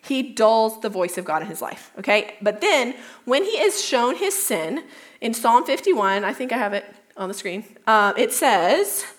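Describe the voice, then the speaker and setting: Chatty young woman, slightly high voice. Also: very animated, unhurried. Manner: chatty, lots of "like", self-correcting. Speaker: youth speaker. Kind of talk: casual youth talk retelling a Bible story.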